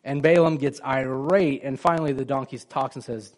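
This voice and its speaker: A man's voice: medium pitch, fairly even intonation, moderate pace, few pauses. A man preaching a sermon in a conversational way, asking his listeners questions and acting out the lines of the people in his story. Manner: conversational, asks the congregation questions, acts out quoted lines. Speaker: pastor.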